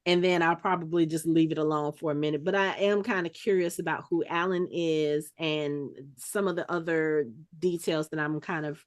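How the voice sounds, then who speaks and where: A woman hosting a podcast in casual chat, thinking out loud and restarting her sentences as she speculates. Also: low voice, fairly even intonation, normal speed, hardly any pauses. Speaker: podcast host.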